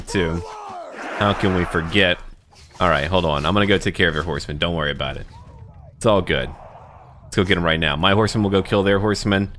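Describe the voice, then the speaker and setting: Deep-voiced man narrating his gameplay. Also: a bit bright, a little hiss or hum. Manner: thinks aloud, chatty, talks to his troops. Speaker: gaming YouTuber. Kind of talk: let's-play commentary.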